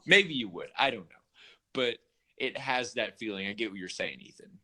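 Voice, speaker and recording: Male podcast co-host, bright forceful tone, rambling and loose. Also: fairly low pitch, expressive, moderate pace. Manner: rambling, many fillers like "you know". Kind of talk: casual music discussion.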